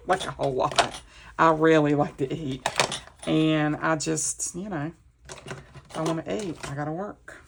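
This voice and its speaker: Woman crafter in her home office, slow and rambly, narrating each step of her work. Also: low-pitched, creaky, noisy background. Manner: rambling, chatty, talks through each step. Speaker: craft vlogger. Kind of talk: casual chat while crafting.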